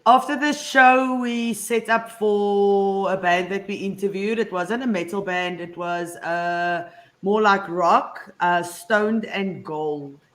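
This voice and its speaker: A woman co-hosting a casual morning show, throwing in quick teasing quips. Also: mid-range voice. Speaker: co-host.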